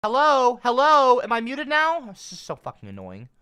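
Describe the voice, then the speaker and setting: A man's voice: very high-pitched, huge pitch swings, moderate pace, sharp tone, clear, resonant tone. A man livestreaming, talking casually to his chat, rambling and irritable, swearing often.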